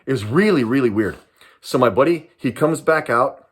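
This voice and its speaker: A man's voice: medium pitch, expressive, normal speed. An older man from Southern California, a retired police sergeant, telling a story to camera in a casual way. He repeats himself and keeps dropping in "man".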